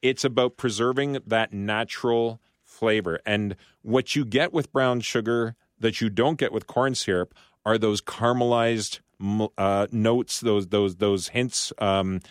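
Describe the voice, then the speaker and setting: A man's voice: fairly low pitch, fairly even intonation, measured pace, few pauses, clear, resonant tone, dry recording, studio quality. Chatty man talking food on radio. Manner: chatty, explains with rambling restarts and laughs. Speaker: studio guest, food commentator. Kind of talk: casual radio talk. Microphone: studio microphone.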